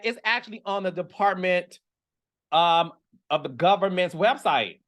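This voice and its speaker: Animated sassy man, lively swooping voice. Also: unhurried. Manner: dramatic, sassy, addresses viewers directly, leaps to high exclamations. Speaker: host of a reality TV gossip show. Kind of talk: animated casual commentary.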